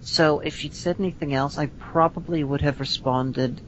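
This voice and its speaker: A woman from Northern Ireland with a Northern Irish accent, hosting a casual podcast chat in a blunt, quick way with many restarts. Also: deep voice, steady tone, slight background noise. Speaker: podcast host. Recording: dull lo-fi podcast audio.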